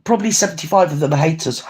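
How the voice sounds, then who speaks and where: Rambling man on a livestream. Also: a little mellow. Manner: rambling, swears, swings pitch up and down often. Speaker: livestream host. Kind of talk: casual livestream chat reading comments.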